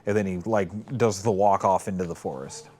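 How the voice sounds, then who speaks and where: A man co-hosting a podcast in casual chat, telling stories in a rambling, animated way and acting out quotes with swearing. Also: sits low, moderate pace, faint music behind. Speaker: podcast co-host.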